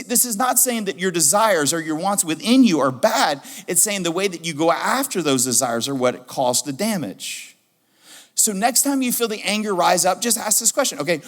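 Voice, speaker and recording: A middle-aged man preaching a sermon as pastor, animated and repeating his key questions for emphasis. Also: high voice. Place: church sanctuary. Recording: reverberant church hall.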